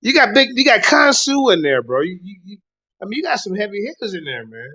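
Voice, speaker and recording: A man organizing a tournament pleads and coaxes on a livestream panel. His voice runs fairly high. The audio comes through dull and lo-fi. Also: big pitch swings, brisk, sharp tone. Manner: coaxing, pleading, talking over others. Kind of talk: persuasive livestream chat.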